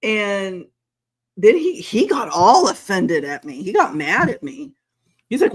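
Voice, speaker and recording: Woman, forties, podcast host; brash, profane storyteller, very lively pitch. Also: unhurried, crowd noise. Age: 40s. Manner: blunt, profane, animated storyteller who laughs often. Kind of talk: casual chat.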